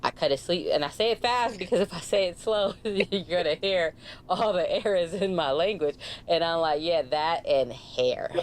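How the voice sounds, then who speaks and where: A woman with a Bay Area accent, chatting casually as a podcast host, talking fast, dropping her R's and laughing often. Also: fairly low pitch, slight background noise. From San Francisco Bay Area. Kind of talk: casual chat.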